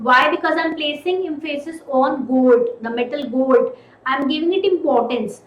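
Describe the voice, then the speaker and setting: A woman teaching a recorded grammar lesson, repeating and stressing key words slowly. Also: high voice, roomy sound, low-quality recording.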